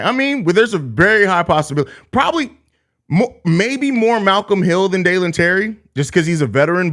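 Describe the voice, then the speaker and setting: Young guy running a live sports pod, cussing and clowning, voice a bit on the high side. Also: a bit bright. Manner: loose, profane, joking, reads viewer comments. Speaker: podcast host. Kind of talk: live sports podcast chat.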